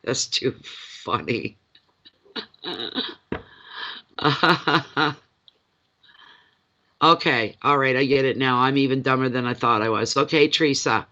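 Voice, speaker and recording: Bright-voiced man doing a chatty tarot reading. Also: medium pitch, fairly even intonation, brisk, few pauses. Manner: chatty, joking and self-deprecating. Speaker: tarot reader. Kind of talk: live tarot reading with casual chat. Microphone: phone.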